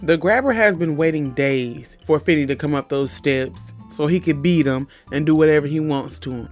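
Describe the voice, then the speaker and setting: A woman's voice: deep voice, normal speed, hardly any pauses, faint music behind. A woman giving a comedic movie recap, blunt and profane with wry asides.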